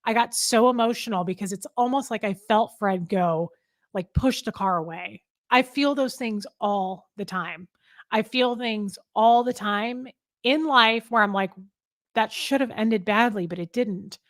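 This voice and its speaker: A woman's voice: fairly high pitch, unhurried, no room sound, clean studio sound. A middle-aged woman, hosting a casual live chat, talking in a heartfelt, rambling way with many ums. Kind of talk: casual live-stream chat reading comments.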